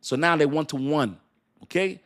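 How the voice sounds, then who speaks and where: A man giving animated, casual crypto commentary, laughing often and preaching with slang. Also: a little high, moderate pace. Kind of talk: casual talk to camera.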